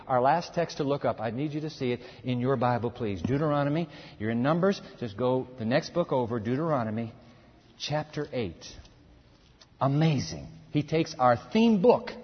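A man preaching a sermon in an animated way, acting out voices and urging his listeners to join in. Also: a little high, breathy edge. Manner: animated, acts out voices, urges the audience. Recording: echoey hall, dull lo-fi sound.

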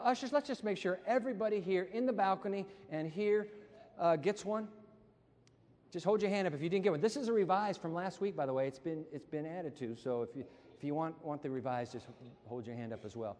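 A male pastor preaching a sermon in a church, animated and quick to act out quotes with big pitch jumps. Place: church sanctuary with balcony. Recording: long hall reverb.

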